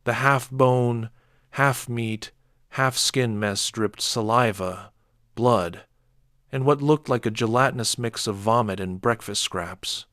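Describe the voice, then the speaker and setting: A man reading a first-person horror story as scripted narration, measured and low-key, with sharp outbursts when quoting. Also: no room sound, studio quality.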